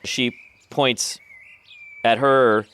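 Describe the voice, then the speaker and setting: A man's voice: medium pitch, steady tone, drawn-out words, a bit bright, clear, resonant tone. A man narrating and calling for rolls as a tabletop game master.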